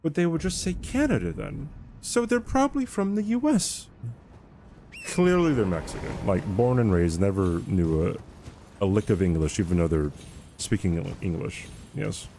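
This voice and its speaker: Male streamer, rambling and combative banter with chat, warm tone, very expressive pitch. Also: normal speed, slight background noise. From United States. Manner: animated, argumentative, rambling, swears casually. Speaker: game streamer. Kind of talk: casual live-stream chat with viewers.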